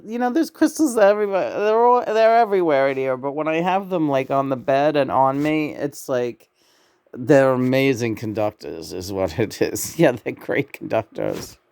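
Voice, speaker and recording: A woman's voice: very deep voice, lively intonation, normal speed, darkish tone, clean tone. A woman in a casual spiritual vlog at home, laughing often and playfully talking to unseen spirits. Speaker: tarot vlogger. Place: home bedroom.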